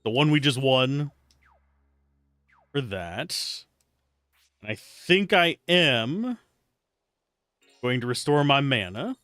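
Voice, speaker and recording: A man's voice: mid-range voice, slow pace, long pauses, no room sound. A man casually commentating his game on a live stream, chatty and joking as he plays. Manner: animated, chatty, jokey asides. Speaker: streamer playing a video game.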